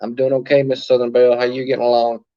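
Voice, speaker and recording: A man's voice: medium pitch, completely flat delivery, fast talker, dull audio. A man hosting a casual livestream from his phone, chatting and greeting viewers by name as he answers their comments. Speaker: livestream host.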